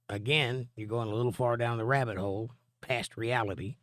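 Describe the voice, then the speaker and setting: Hoarse male live-stream host, mid-pitched voice, dry close sound, reads chat comments, explains Bible points. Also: steady tone, a little fast, fairly bright tone, dry recording. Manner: reads viewer comments aloud, then explains at length. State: hoarse from laryngitis.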